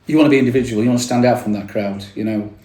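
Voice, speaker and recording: A man, a radio presenter chatting casually in an interview, jokey and quick with asides. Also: medium pitch, warm tone. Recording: echoey room.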